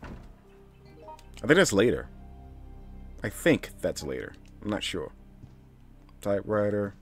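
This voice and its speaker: A man's voice: on the low side, very animated, slow, soft background music. A man giving casual, profane commentary while playing a video game, grumbling and talking back to the game itself. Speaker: streamer.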